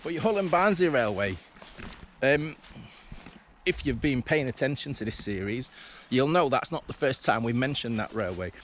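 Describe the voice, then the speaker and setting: Lively intonation marks this man's mid-range voice, delivered at a moderate pace while he vlogs along an old railway line outdoors. He thinks aloud casually with restarts in this walking commentary. Faint outdoor sounds remain in the background.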